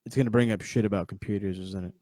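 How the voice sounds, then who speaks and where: A man's voice: on the low side, steady tone, fast talker, mellow, no echo, clean studio sound. A man hosting a podcast, giving a casual, rambling, profane review of a wrestling event on a live stream. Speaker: podcast host.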